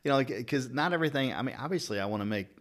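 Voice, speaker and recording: A man's voice: mid-range voice, rapid-fire. A middle-aged man from Louisville with a Kentucky accent, a barber casually rambling through anecdotes in conversation. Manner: rambling storyteller, animated retelling of anecdotes. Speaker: barber and interviewer. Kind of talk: casual chat.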